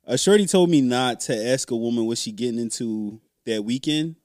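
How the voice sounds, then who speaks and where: Man co-host, casual joking chat, mid pitch, dry close mic. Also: expressive, fairly quick, darkish tone, dry recording. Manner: laid-back, joking.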